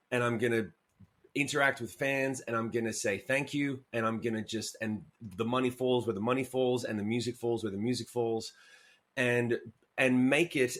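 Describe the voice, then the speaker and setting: A candid male musician talks through his story in a casual interview, cursing freely and slipping into little acted-out quotes. His pitch sits in an ordinary middle range. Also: fairly bright tone. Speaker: musician guest.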